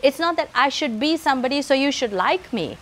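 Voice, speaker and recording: A woman speaks in a motivational talk, her voice sitting high. She drives each point home with emphatic lists of repeated phrases. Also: expressive, brisk, a bit bright.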